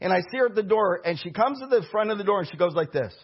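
A middle-aged man preaching a storytelling sermon as pastor, animated and bursting into shouts. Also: high-pitched, fast, breathy edge. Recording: dull lo-fi recording.

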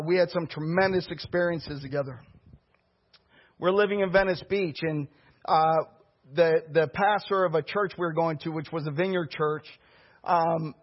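A man preaching a sermon, telling stories in a lively, conversational way to his congregation. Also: high-pitched. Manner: storytelling preacher, animated and conversational. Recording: dull lo-fi recording.

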